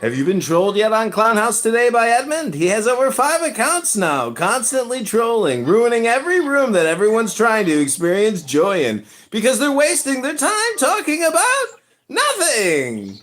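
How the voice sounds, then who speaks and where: A man's voice: very high voice, moderate pace, soft background music. A man hosting a livestream, ranting and mocking in a comedic trolling style. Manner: mocking, animated, laughing asides. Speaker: livestream host.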